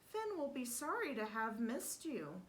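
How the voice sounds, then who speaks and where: A woman voicing a calm, quick-witted wife in a storybook, sweet and coaxing. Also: a little high, a little hiss or hum.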